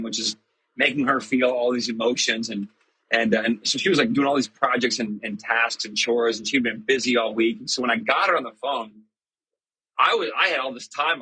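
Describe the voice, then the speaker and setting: A man's voice: mid-range voice, pushed and bright, husky, poor audio. A middle-aged man telling a personal story in a casual, reflective monologue, chatty and self-deprecating with many fillers. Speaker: church podcast host.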